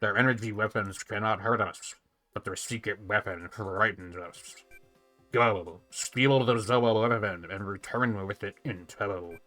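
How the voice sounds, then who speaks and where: Solemn, commanding alien queen read by a man, low-pitched, slow and stately, faint music behind. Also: bright, forceful tone. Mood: imperious. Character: haughty female alien hive ruler. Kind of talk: reading game dialogue aloud in a voice.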